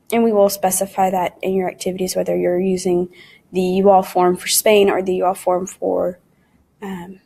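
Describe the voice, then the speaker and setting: A woman's voice: medium pitch, dark tone. Woman teaching a Spanish lesson. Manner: patient, explains step by step and often calls the class "guys"; says English with Spanish words and conjugations mixed in. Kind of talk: recorded online lesson.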